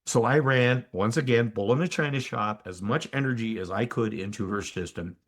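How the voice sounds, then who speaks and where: An older man, a physician and energy healer, telling a story as a podcast guest in an animated, emphatic way with asides to the listener. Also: medium pitch, normal speed. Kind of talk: conversational storytelling in an interview.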